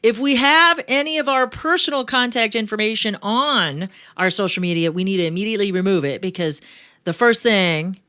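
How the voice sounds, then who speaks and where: A woman hosts a finance chat show in a loose, joking way, tossing off quick asides between her tips. Her voice sits at an ordinary middle pitch. The recording is close and dry, with no room sound. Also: pushed and bright, smooth, no echo. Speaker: show host. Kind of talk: casual radio-show chat.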